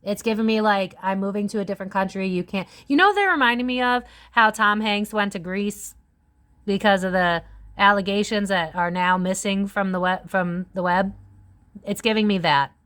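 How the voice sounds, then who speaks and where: A woman's voice: moderate pace, smooth. Chatty woman giving a tarot reading. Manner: chatty, filler-heavy, animated pitch swings. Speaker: tarot reader. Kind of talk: casual psychic reading monologue.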